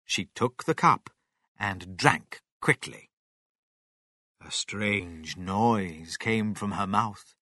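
A man reading a children's story aloud in an expressive storytelling manner. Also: low voice, slow pace, husky, no room sound, clean studio sound.

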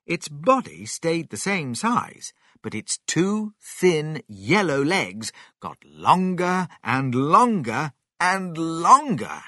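A man reading a children's story aloud with slow, expressive narration. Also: a little high, no echo, studio quality.

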